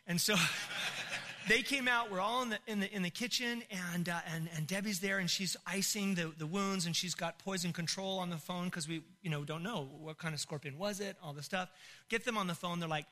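A middle-aged man, a pastor, telling a comic story in a sermon, animated and bursting into shouts. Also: sits high, brisk.

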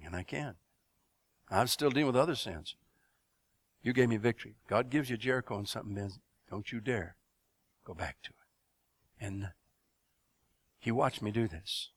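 A man's voice: mid-range voice, dry recording. A middle-aged man preaching a testimony sermon, telling stories with laughter and asking the audience questions. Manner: animated storyteller, laughs, asks audience.

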